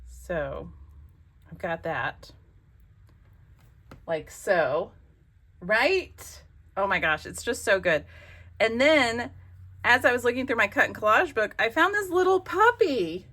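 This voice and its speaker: A woman's voice: mid-range voice, animated, takes it slowly, pauses often, fairly bright tone. A woman hosting a crafting vlog, chatting casually and talking to herself as she works. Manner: chatty, exclamatory, talks to herself while working. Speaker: crafting channel host.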